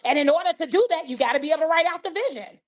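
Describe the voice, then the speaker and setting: A woman's voice: sits high, racing. A woman guest on a podcast, a life coach telling faith-filled stories and acting out the people in them. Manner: animated, acts out dialogue in her stories. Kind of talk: faith-based conversational storytelling.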